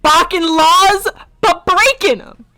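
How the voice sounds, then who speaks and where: A woman's voice: very high-pitched, slow. A woman improvising a cocky, teasing female shark hunter. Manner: teasing, giggly. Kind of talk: improv comedy sketch.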